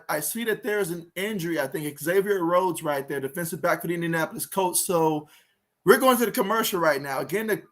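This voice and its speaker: A man hosting a live sports watch-along, giving play-by-play, reacting loudly to plays and reading viewer comments aloud. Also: high voice. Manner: excitable fan, shouts and groans at plays. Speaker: livestream sports host.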